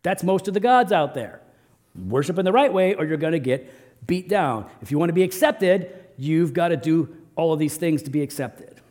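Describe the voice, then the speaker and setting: Male pastor, sermon delivery, animated and expressive, recorded in a reverberant hall. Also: normal speed. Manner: animated, swings between loud emphatic bursts and soft low asides.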